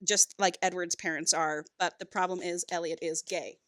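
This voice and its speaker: A woman's voice: on the low side, steady tone, moderate pace, fairly bright tone. Chatty swearing woman retelling a story. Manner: swearing, acts out characters' lines in a chatty retelling. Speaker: podcast co-host. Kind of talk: casual book chat.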